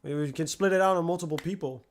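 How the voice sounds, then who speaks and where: A man's voice: on the high side, quick pace. A young man livestreaming, ranting in a profane, exasperated way and mocking the people who harass him. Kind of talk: angry rant on a livestream.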